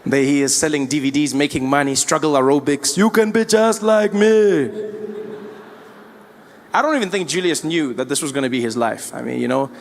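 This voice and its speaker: A man from South Africa with a South African accent, doing stand-up comedy with animated storytelling on a stage mic. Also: mid-range voice, quick pace, creaky, few pauses, a little hiss or hum. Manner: animated storytelling, shifts into character voices. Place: comedy stage before a live audience.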